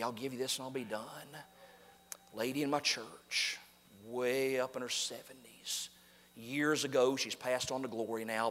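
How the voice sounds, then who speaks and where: A man pastor preaching a fiery sermon, swinging from shouts down to hushed, near-whispered lines. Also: medium pitch, long reverb tail. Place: church sanctuary.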